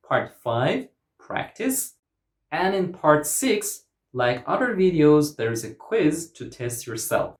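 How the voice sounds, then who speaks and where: A man teaching English pronunciation in a scripted online lesson, explaining clearly and deliberately and modeling example words. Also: on the high side, reverberant.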